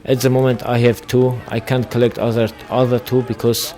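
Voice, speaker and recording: A man's voice: medium pitch, little pitch movement, normal speed, dark tone. A man with an Armenian accent, a boxer speaking broken English bluntly and confidently as an interview guest. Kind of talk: casual interview.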